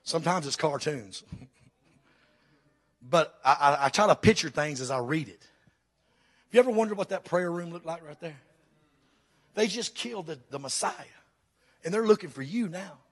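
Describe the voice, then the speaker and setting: A man's voice: fairly high pitch, animated, normal speed, long pauses. A pastor preaching a fervent sermon to his church, firing questions at the congregation.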